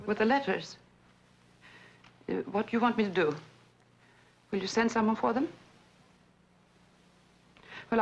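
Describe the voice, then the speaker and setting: An actress playing an abandoned woman on the phone to her lover, halting and soft-spoken as she insists she is calm. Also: a little high, vocal fry. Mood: tender. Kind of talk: dramatic monologue, one side of a phone call. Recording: dull lo-fi recording.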